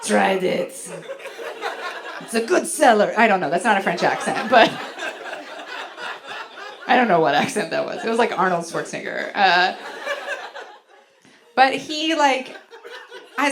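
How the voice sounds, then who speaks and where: A woman comedian doing a bawdy stand-up set on a club stage, storytelling with lots of "like" fillers. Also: on the high side. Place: comedy club stage before a laughing audience.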